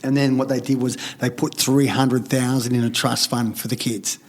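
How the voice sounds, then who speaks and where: A man's voice: medium pitch, little pitch movement, moderate pace. A middle-aged Australian man, a podcast guest, telling a story in a rambling, fired-up way, swearing heavily and acting out other people's lines. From Sydney, Australia. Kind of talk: candid storytelling in conversation.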